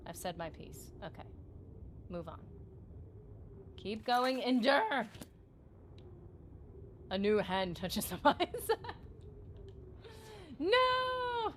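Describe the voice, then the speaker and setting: A woman's voice: medium pitch, a bit bright, slight background noise. A woman livestreaming a video game, chatting with her viewers in a giggly, rambling and playful way, teasing them and her partner. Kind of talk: casual gaming livestream chat.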